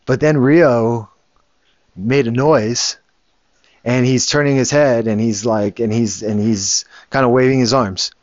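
A man's voice: medium pitch, steady tone, a little slow, no room sound, highs cut off. A man, a father, telling a casual story in a rambling way, with many restarts and the odd curse word. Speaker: father and show host.

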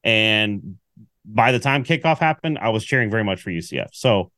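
A man co-hosting a casual sports podcast, telling a story with lively acted-out quotes. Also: on the low side, normal speed, no echo, clean studio sound. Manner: animated storyteller, acts out quotes. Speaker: podcast co-host.

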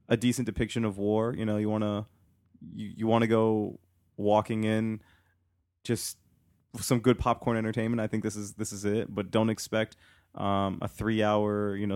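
A man in casual review chat who wanders through his thoughts, restarting sentences as he goes. His voice is on the low side, and the sound is dry. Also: little pitch movement, moderate pace, darkish tone, no room sound. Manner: rambling, hesitant, many restarts. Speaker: podcast co-host.

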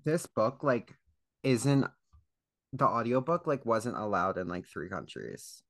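A man co-hosting a book club podcast who chats casually in halting, hesitant phrases. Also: mid-range voice, lively intonation, a bit bright. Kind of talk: casual chat.

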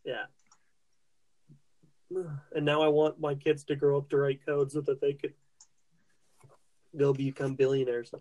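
Laid-back man, flat profane chatter. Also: on the high side, a little slow, pauses often. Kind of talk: casual chat.

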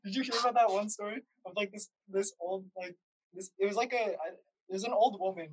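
A man's voice: high voice, fast, husky, poor audio. A young man chatting as a podcast guest, teasing and giggly, often trailing off and restarting. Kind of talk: casual chat.

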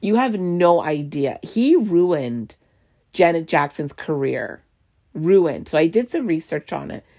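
Woman podcast host with a low voice and a heated, profane ranting manner. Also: a little mellow. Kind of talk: solo podcast rant.

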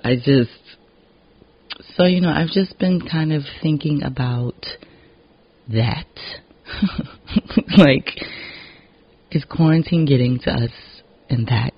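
A man's voice: mid-range voice, husky, no room sound. A man talking frankly in a casual personal monologue, emotionally exhausted, swearing often and filling his talk with "you know". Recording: dull lo-fi recording.

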